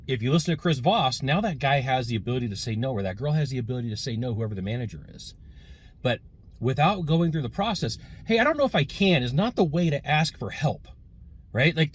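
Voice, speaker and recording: A man's voice: medium pitch, husky. A man giving a casual, rambling sales lesson with many fillers and restarts, recorded while sitting in a car. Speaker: sales trainer.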